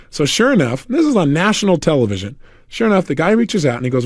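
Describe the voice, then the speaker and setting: This motivational speaker talks fast, his voice on the high side, as he tells a story in an audio program and plays the quoted people with animated flair. The studio-quality recording has no room sound.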